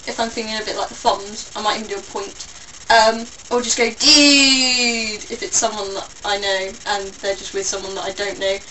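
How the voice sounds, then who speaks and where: A woman's voice: fairly high pitch, a bit bright, recorded from a distance, slight background noise, poor audio. A young English woman with a mixed London and Somerset accent, rambling through a casual vlog with playful, self-mocking asides. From England. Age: young adult. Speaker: vlogger.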